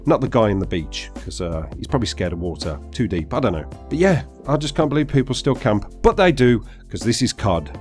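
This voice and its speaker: A man delivering a sarcastic, sweary gameplay rant. His pitch swings widely as he gets worked up, and faint music plays underneath. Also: animated, a little fast, few pauses, darkish tone. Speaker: gaming commentator. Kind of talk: ranting gameplay commentary.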